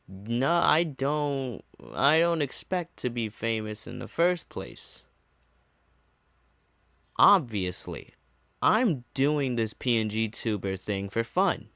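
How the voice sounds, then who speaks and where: Young man, streamer, casual storytime rant, sarcastic mocking tone, unhurried delivery, dry close sound. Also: medium pitch, big pitch swings, sharp tone, dry recording. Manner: sarcastic, ranting, mocking retorts. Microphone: low-gain desk mic.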